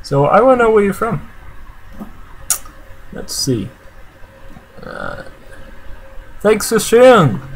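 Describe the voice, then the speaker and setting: A man's voice: medium pitch, a little hiss or hum, poor audio. A man with a Canadian accent talks casually to camera, answering viewer comments in a chatty, rambling way full of fillers and restarts. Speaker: vlogger.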